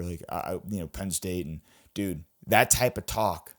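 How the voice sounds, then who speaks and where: A young man from the American Midwest recapping fights in a casual, excitable way, swearing often and restarting his sentences as he rambles. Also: deep voice, moderate pace. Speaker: MMA recap host.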